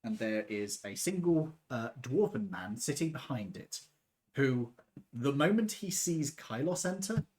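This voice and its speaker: A man's voice: mid-range voice, animated, unhurried, a little mellow. A man narrating a tabletop game as game master, describing scenes with the odd filler.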